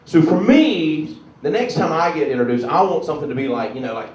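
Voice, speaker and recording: A man's voice: a little high, expressive, fairly quick, hardly any pauses, slight background noise. A man from South Carolina with a Southern accent doing a chatty, self-deprecating stand-up comedy set on a club stage. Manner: chatty, self-deprecating, bursts into loud announcer voices. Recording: echoey club from a distant camera.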